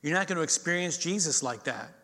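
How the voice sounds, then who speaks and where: A middle-aged male pastor preaching a sermon, telling stories with swings between loud emphasis and quiet intensity. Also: fairly high pitch, expressive, fairly quick.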